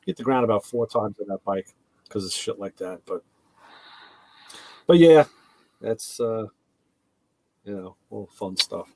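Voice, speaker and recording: A man hosting a casual talk show, telling animated stories and acting out conversations. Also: lowish voice, a little slow, pauses often, slight background noise. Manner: animated storyteller, acts out quoted exchanges. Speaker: host. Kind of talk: casual chat about cars.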